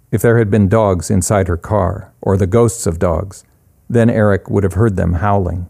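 Brief: male narrator, steady story reading, mellow and warm tone. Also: low-pitched, normal speed, gravelly.

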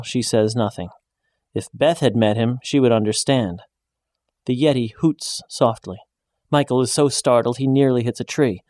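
A man reading a short story aloud in a measured, even storytelling voice, raising his pitch when he speaks the woman's lines. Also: dry recording, studio quality. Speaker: narrator. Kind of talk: scripted story narration.

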